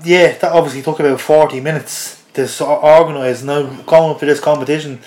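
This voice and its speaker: An Irish man with a fairly high voice tells a story as a podcast guest. He chuckles as he goes and keeps it loose and casual. The recording has a roomy, echoey sound. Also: brisk. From Ireland. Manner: chuckles through an animated anecdote. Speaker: interview guest.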